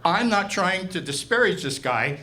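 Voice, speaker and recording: A man's voice: high voice, lively intonation, normal speed, sharp tone. A man doing stand-up comedy at a live venue, telling a story in an exasperated, sardonic way. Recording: live show recording, room noise.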